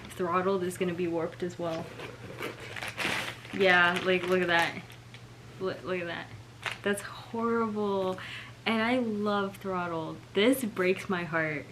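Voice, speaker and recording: A young book vlogger films a casual unboxing at home, sounding let down and saying "like" and "oh my gosh" a lot. Her voice is low and steady, slow with long pauses. The background is noisy.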